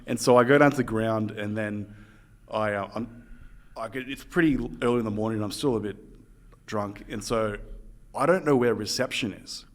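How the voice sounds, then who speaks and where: A man's voice: on the low side, moderate pace. A man with an Australian accent, hosting a podcast interview and telling stories in a chatty way, often breaking into laughter. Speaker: podcast host. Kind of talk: casual interview chat.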